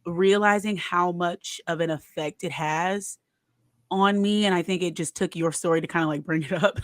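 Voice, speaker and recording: A woman's voice: fairly low pitch, steady tone, moderate pace, dry recording. A young woman co-hosting a podcast, talking earnestly and reflectively, laughing often. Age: young adult. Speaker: podcast co-host. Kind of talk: casual candid chat.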